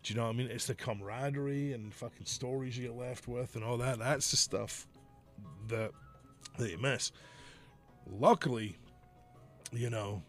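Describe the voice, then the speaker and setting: A middle-aged man swapping stories in relaxed podcast chat, laughing often and cursing freely. His voice sits in an ordinary middle pitch, with faint music in the background. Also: normal speed, pauses often. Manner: profane, laughs often, storytelling. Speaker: podcast host, former wrestler. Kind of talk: casual chat.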